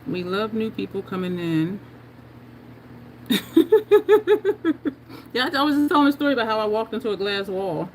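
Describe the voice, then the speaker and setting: A woman's voice: on the high side, very animated, unhurried, pauses often, slight background noise. Chatty New Jersey woman on a makeup livestream. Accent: New Jersey and New York. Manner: chatty, laughs often, talks to viewers in chat. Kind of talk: casual livestream chat while doing makeup.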